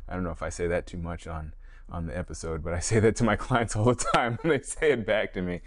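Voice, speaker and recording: A man with a fairly low voice talks through his solo podcast in a loose, rambling way. He restarts sentences, corrects himself and chuckles as he goes. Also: fast talker. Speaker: podcast host, fitness trainer. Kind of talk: casual solo podcast monologue.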